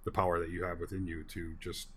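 A man's voice: deep voice, little pitch movement, quick pace, fairly bright tone, slight background noise. A man in a casual discussion, speaking in an earnest, folksy and rambling way.

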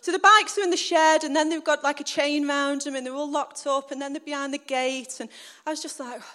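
A woman on a stage, preaching through a lively personal story she acts out. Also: high voice, fairly quick. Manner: animated storytelling, acting out scenes. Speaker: church speaker.

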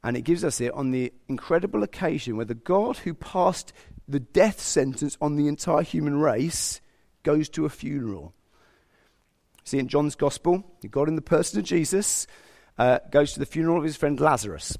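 A man preaching a sermon, animated and sometimes speaking God's thoughts aloud. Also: a little high, normal speed, gravelly. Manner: animated, acts out God's inner voice.

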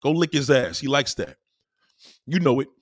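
A husky man ranting heatedly. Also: mid-range voice, sing-song, moderate pace, no room sound, studio quality. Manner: heated, profane, repetitive ranting. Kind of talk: profane ranting monologue.

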